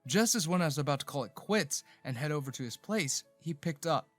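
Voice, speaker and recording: A man reads a first-person romance story in a steady storytelling voice. His pitch sits a little high, and faint background music runs underneath. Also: brisk. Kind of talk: scripted first-person narration.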